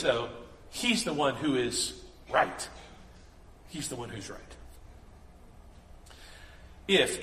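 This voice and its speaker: A man preaching to a congregation, bright and tense in tone and high in pitch, speaking conversationally and slipping into quoted voices for comic effect. His voice rings around a large hall with a long, roomy reverb. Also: slight background noise. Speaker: pastor. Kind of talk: sermon.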